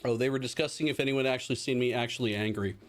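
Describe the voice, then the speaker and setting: A man's voice: mid-range voice, very fast. A man hosting a livestream, chatting casually and rambling while he unboxes and plays games, joking at his own expense and swearing now and then. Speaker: livestream host.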